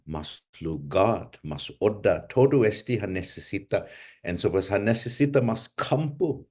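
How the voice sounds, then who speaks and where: A man's voice: on the low side, darkish tone. A man hosting a language class over a video call, speaking in a thoughtful, reflective way and moving between Chamoru and English.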